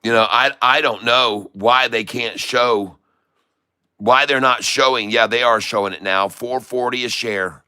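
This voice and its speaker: A man giving excited live commentary on a stock chart, full of folksy slang and exclamations. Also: medium pitch, unhurried, clean tone. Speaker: day-trading streamer.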